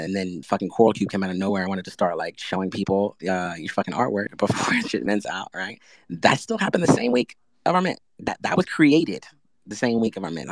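A man's voice: low-pitched, dry recording. A man, the founder of a project and a podcast guest, telling his story in a brash, profane and emphatic way. He often restarts with fillers and fires off rhetorical questions. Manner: frequent fillers and self-corrections.

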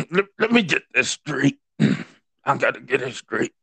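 Animated, teasing man co-hosting a podcast. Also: mid-range voice, takes it slowly, vocal fry, breathy edge, dry recording. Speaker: podcast co-host. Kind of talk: casual chat.

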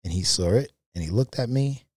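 A man as a podcast guest, telling candid personal anecdotes in a casual, animated way with frequent fillers. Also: mid-range voice, a little fast, dry recording. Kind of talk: casual storytelling.

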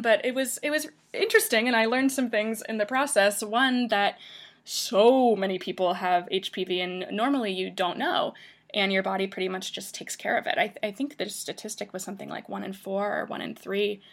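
A young woman hosting a podcast, telling a personal story in a casual, chatty way with frequent ums and restarts. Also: medium pitch. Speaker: podcast host.

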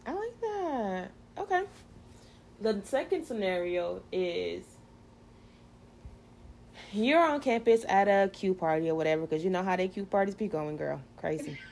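A woman host in a relaxed faith conversation, playful and chatty, her words full of "um"s. Her voice sits low with a gravelly edge. A faint hiss runs underneath. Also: moderate pace. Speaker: podcast host. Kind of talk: casual faith chat.

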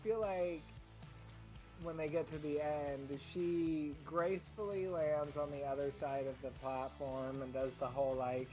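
A woman player casually describing her character's moves, relaxed and hesitant. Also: low voice, measured pace, soft background music, poor audio. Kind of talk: casual chat.

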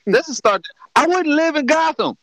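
A man's voice: extremely high pitch, normal speed, vocal fry, low-quality recording. A man co-hosting a casual podcast chat, telling jokey stories with lots of laughter. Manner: joking, animated storytelling. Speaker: podcast co-host.

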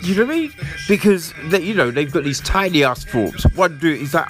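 A man, hosting a podcast in a rambling, profane, animated monologue while his nose is blocked. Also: a little high, a little fast, over music. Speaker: podcast host. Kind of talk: casual storytelling monologue.

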